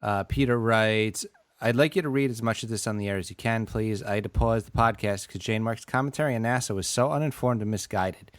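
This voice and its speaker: Chill podcast guy with a lowish voice, dry jokes, dry close sound. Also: a little fast, no room sound. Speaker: podcast co-host. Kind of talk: casual chat.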